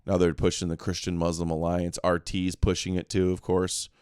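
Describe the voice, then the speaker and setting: Male host, low voice, dry close sound, sarcastic and fed up with what he's reacting to. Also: monotone, normal speed, darkish tone, clear, resonant tone, dry recording. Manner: sarcastic, exasperated. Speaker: show host. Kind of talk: casual commentary reacting to a clip.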